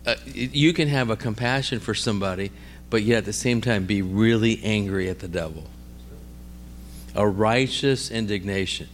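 A fairly low male voice at normal speed, with a little hiss or hum behind it. In a conversational sermon on healing ministry, the preacher tells stories, stumbles into repeated and restarted words, and asks listeners "all right?" and "amen?".

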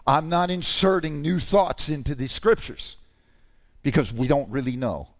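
A male pastor preaching with a lively, swooping delivery in a somewhat high voice. He talks informally, with asides and restarts, and pushes up to shouts on the lines he wants to land. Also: moderate pace. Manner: animated preaching, rising to shouts on key lines. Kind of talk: sermon.

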